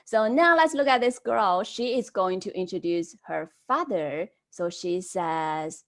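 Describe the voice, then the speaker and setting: A woman teaching an online Chinese class, modelling words slowly and prompting students to repeat them after her. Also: on the low side.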